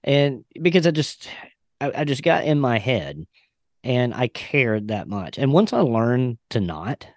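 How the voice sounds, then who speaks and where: A man's voice: medium pitch, big pitch swings, a little slow, no echo, studio quality. A man in his thirties hosting a podcast, casual, folksy and easygoing, with jokes mixed into the chat. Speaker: podcast host.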